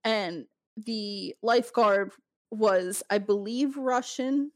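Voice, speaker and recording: A woman's voice: medium pitch, slow pace, slight background noise, low-quality recording. A woman podcast host in casual chat, telling a story in a rambling way with many restarts.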